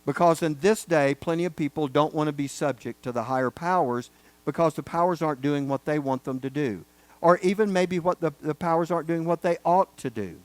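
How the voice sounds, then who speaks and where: High-voiced guy teaching bible class, dry close mic, leans hard on key words. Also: brisk, dry recording. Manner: emphatic, building to loud stresses on key words.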